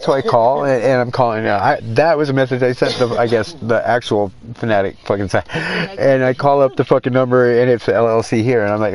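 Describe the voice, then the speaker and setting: A man's voice: mid-range voice, fairly quick, hardly any pauses, a little mellow. A man hosting a racing league stream, telling rambling stories in casual talk and swearing constantly. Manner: rambling, swears constantly, mimics others in quotes. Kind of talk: casual profane storytelling.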